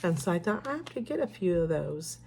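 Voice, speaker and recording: A woman's voice: lowish voice, very animated, brisk, warm tone, slight background noise. Chatty older woman rambling through a haul. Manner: rambling, chatty, self-correcting. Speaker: haul vlogger. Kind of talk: casual haul vlog chat.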